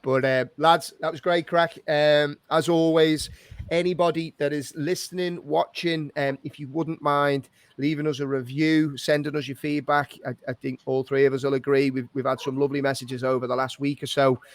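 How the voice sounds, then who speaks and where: A man's voice: on the high side, level tone, normal speed, dry recording. A man hosting a casual podcast chat with friends, swearing freely and rambling through restarts. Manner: swears often, laughs along, rambling restarts. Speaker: podcast host.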